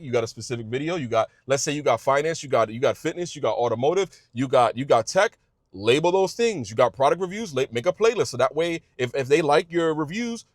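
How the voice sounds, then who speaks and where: Lively, emphatic man giving creator advice. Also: medium pitch, no room sound, studio quality. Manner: emphatic, repetitive, stumbling restarts; informal speech, says y'all. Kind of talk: passionate direct-to-camera advice.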